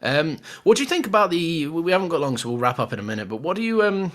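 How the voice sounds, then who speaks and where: A man's voice: on the high side, rapid-fire. A man co-hosting a podcast, chatting casually about a film with lots of restarts and laughter. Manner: animated, laughs often, many restarts. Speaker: podcast co-host. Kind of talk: casual film review chat.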